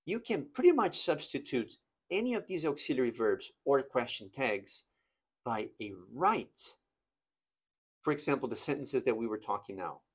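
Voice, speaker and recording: A man teaching an English grammar lesson, explaining slowly and reading example sentences with exaggerated intonation. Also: mid-range voice, big pitch swings, slightly rough.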